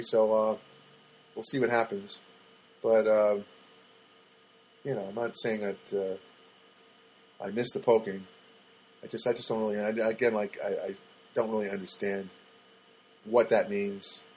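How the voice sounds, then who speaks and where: A middle-aged man hosting a podcast, rambling through a comic monologue with halting restarts and dry, self-mocking jokes. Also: medium pitch, husky, poor audio. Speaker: podcast host.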